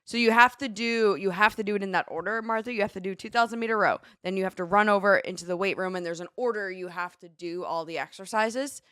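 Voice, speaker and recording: A young adult woman co-hosting a podcast, telling stories in an animated casual chat. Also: medium pitch, quick pace, few pauses, smooth, dry recording, studio quality. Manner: animated storytelling, shouts quoted cheers. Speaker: podcast co-host.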